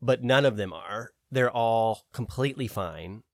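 A man's voice: mid-range voice, unhurried, no room sound, studio quality. Ranting podcast co-host man. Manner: ranting, animated, swears freely. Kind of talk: casual podcast chat.

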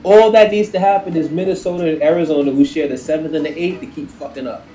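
Echoey, animated man talking sports. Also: fairly high pitch, fast talker, soft background music. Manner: animated and profane, laughs at his own points. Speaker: podcast co-host. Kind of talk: casual sports chat. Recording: echoey room.

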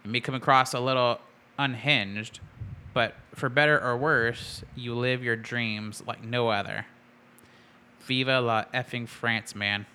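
Slow-talking man with a bright voice. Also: medium pitch, fairly even intonation, clean tone. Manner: playful, laughs often. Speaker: podcast co-host. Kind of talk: casual podcast chat.

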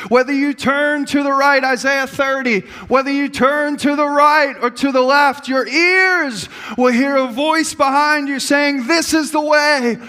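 A man's voice: very high voice, steady tone, a little slow, few pauses, sharp tone, big-room sound. A young man preaching a sermon as pastor, building into impassioned, rising calls.

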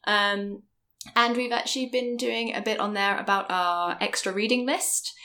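A woman's voice: mid-range voice, steady tone, moderate pace, pushed and bright. A woman co-hosting a book podcast, chatting casually as a guest, with many ums and restarts.

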